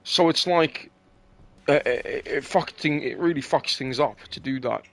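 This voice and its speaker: Young guy just chatting, swears a lot, keeps restarting his sentences, average pitch. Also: normal speed, vocal fry, a bit bright. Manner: rambling and profane, many fillers and restarts. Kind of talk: casual chat.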